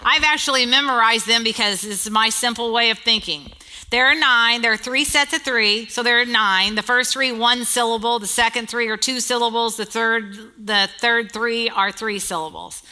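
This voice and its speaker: Bright-voiced woman preaching a sermon. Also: on the high side, normal speed. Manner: conversational preaching with rhetorical questions and humor.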